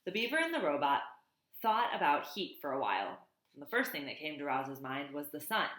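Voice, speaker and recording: A woman's voice: low-pitched, very animated, a little fast, fairly bright tone, reverberant, poor audio. A woman reading a children's novel aloud, in a plain read-aloud manner with small slips and self-corrections. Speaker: reader.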